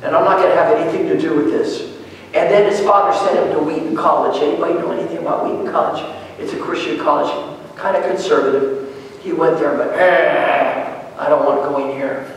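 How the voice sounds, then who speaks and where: A woman's voice: sits low, steady tone, fast talker, slight background noise. A woman pastor giving a conversational sermon, telling stories and asking the congregation questions. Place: church sanctuary. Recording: echoey church hall, far from mic.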